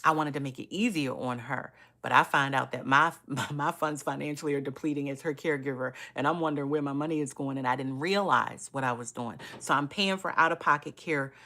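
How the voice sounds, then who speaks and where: A woman's voice: rumbling low, fairly quick, hardly any pauses, bright, forceful tone. A middle-aged woman, a caregiver coach, talking earnestly and personally on a live stream, often checking in with "right?".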